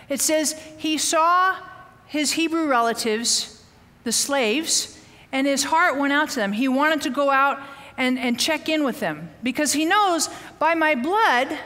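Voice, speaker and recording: A woman teaching a Bible lesson, telling the story with lively, animated acting-out of the quotes. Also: sits high, long reverb tail. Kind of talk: teaching sermon. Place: outdoors, windy.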